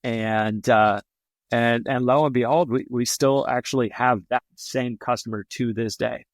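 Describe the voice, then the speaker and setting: A man's voice: medium pitch, fairly even intonation, unhurried, no room sound. A man representing his company on a podcast, telling stories in a casual, rambling way with lots of fillers and restarts. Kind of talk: casual storytelling.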